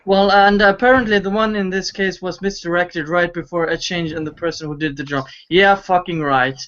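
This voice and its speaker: A man's voice: high-pitched, fairly even intonation, moderate pace, a bit bright, dull audio. Exasperated man reading aloud on voice chat. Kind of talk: casual chat.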